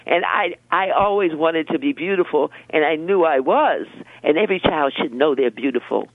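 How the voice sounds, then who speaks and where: An older woman, a religious sister, speaking in a gentle preaching and storytelling way, often repeating words as she begins a thought. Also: low voice, expressive, normal speed, dry recording. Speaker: religious sister, interview guest. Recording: dry, phone-like narrow sound.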